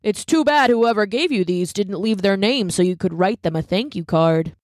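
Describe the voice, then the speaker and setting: Calm, practical dad in a storybook reading, matter-of-fact, voiced by a woman. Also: mid-range voice, moderate pace, dry recording, studio quality, close to an everyday voice. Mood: dismissive.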